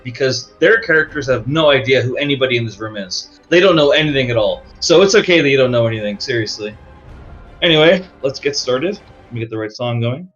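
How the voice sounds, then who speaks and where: A man's voice: medium pitch, fairly bright tone. A man narrating a tabletop game as game master, in a casual, rambling way. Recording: dull lo-fi audio with faint music.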